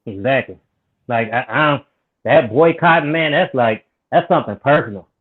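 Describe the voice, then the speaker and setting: A man's voice: medium pitch, expressive, moderate pace. A man joining a casual boxing talk show, speaking bluntly with profane trash talk. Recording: tinny phone line.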